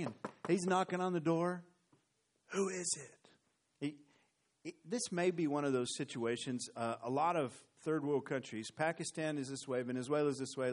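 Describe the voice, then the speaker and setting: A male pastor preaching a sermon, retelling a scripture story animatedly and reading verses aloud. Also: medium pitch. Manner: animated storytelling, reads scripture in old formal English.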